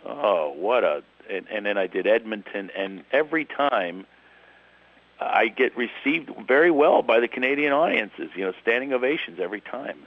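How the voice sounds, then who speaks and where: A middle-aged man with a Philadelphia accent, a guest comedian telling stories in a casual phone interview, with animated, jumping delivery. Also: mid-range voice, normal speed, highs cut off. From Philadelphia, USA. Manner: animated storyteller, lively voice jumps.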